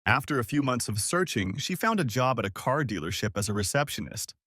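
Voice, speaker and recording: A man's voice: mid-range voice, sing-song, fairly quick, sharp tone, no room sound, clean studio sound. A man narrating a first-person story as an audiobook, telling it expressively.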